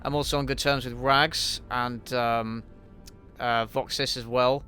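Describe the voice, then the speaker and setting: A man chats through a laid-back livestream Q&A while gaming, answering viewers bluntly and swearing freely. His voice is bright and forward, and he keeps stalling on ums and restarts. Soft music plays behind him. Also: mid-range voice, flat delivery, measured pace. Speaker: YouTube channel host answering viewer questions.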